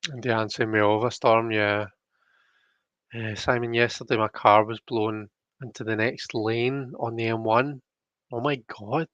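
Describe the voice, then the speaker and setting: A man's voice: fairly low pitch, steady tone, unhurried, fairly bright tone, no room sound, muffled recording. A young Scottish man hosting a live stream, chatting casually and reading out viewer comments with lots of fillers. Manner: rambling, chatty, frequent fillers.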